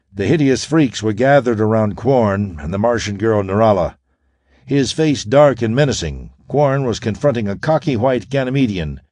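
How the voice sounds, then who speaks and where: Narrator: man, deep-ish and animated, close-miked studio read, very dry. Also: dry recording. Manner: lively, expressive reading. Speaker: audiobook narrator. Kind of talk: scripted audiobook narration.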